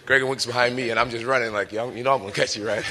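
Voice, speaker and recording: A young man in his twenties, a professional fighter, telling a story in a lively way, laughing often and acting out what people said. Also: mid-range voice, very fast, a little hiss or hum. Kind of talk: animated storytelling.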